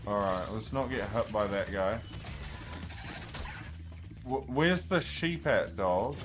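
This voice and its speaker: A man commenting on his own speedrun as he plays, talking to himself, often frustrated, swearing and shouting at enemies. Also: on the low side, animated, slow pace. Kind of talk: live gameplay commentary.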